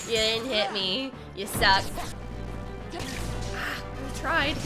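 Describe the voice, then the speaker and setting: A woman's voice: fairly high pitch, slow pace, loud music behind the voice. A woman playing a video game on stream, chatting goofily to the characters and joking, with a sore throat. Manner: goofy, excitable, talks to the game characters. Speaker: gaming streamer. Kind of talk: casual let's-play commentary.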